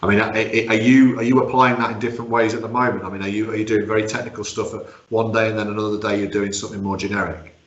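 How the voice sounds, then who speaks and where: Host guy, lowish voice, echoey and dull sounding, lots of you know. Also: flat delivery, fast talker, few pauses. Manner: short encouraging replies, hedging fillers. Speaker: podcast host. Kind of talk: conversational interview. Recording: roomy muffled audio.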